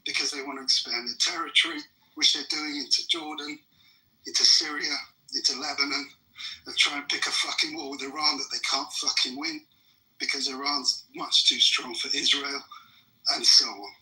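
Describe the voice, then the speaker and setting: A man's voice: on the high side, fairly even intonation, moderate pace, pushed and bright, rough recording. A man, ranting in fury and swearing hard during a heated live debate. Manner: furious, profane ranting. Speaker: debate participant.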